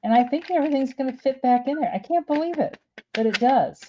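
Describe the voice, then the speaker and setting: A woman hosts a live sale in a chatty, rambling way and laughs easily as she talks. Her voice sits a little high. The audio is somewhat dull and lo-fi. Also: animated, quick pace, slight background noise. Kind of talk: casual live-stream selling.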